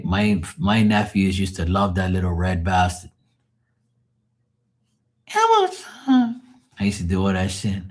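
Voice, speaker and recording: A man's voice: low voice, darkish tone, husky. A man chatting casually on a live stream, telling rambling stories with lots of swearing and chuckles. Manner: profane, storytelling, chuckling.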